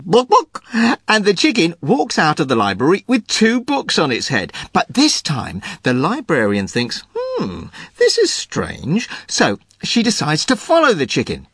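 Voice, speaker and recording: Brief: husky, playful male joke-teller, pitch swinging widely, dry sound. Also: wildly swooping pitch, moderate pace, few pauses, fairly bright tone, no echo. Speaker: studio guest telling a joke. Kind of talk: telling a joke.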